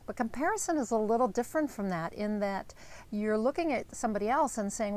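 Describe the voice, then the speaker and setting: A woman's voice: on the high side, animated, a little fast, darkish tone. A woman life coach giving an earnest, encouraging motivational talk with frequent fillers.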